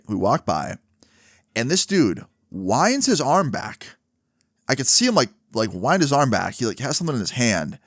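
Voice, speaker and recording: Here a young man with a medium-pitched, fairly bright voice recounts something personal in a vlog storytime monologue, peppering it with "like" and "right?". It's a clean, dry studio recording.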